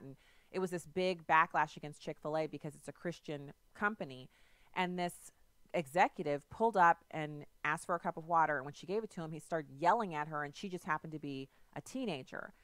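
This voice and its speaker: A woman with a low, smooth voice hosts a political talk radio show. She talks conversationally, drifting into stories with asides. The sound is dry and close. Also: a little fast, fairly bright tone, no room sound.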